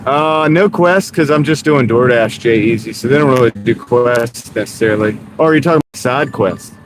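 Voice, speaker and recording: A man's voice: mid-range voice, fairly quick. Laid-back man chatting from his car. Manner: laid-back, answers chat by name, mutters over order offers. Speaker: delivery driver streaming live. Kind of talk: casual live-stream chat. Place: inside a car while driving. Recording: steady car road noise. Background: car engine and road noise.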